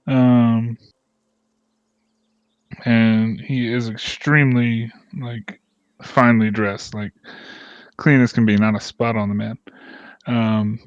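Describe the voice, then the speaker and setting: A man's voice: medium pitch, flat delivery, slow pace, long pauses, no echo, lo-fi sound. A man narrating a tabletop game as game master, rambling and hesitant, with many fillers.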